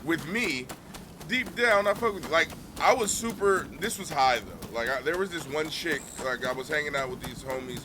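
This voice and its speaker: A man who streams games and does stand-up, telling stories in a laid-back, slangy way with lively retellings. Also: fairly high pitch, moderate pace, noisy background. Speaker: Twitch streamer and stand-up comedian. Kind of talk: casual storytelling on a game stream. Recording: game music playing underneath. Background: video game music.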